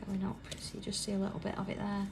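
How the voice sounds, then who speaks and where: A British woman with a gravelly, fry-tinged voice leads a live craft tutorial from her workroom. She chats easily and slips into near-whispers while she concentrates on drawing. A constant hum of background noise sits under her voice. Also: medium pitch, completely flat delivery, fast. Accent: British English. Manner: chatty, drops to a soft whisper while drawing. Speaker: craft demonstrator hosting a live stream. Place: busy indoor craft workroom.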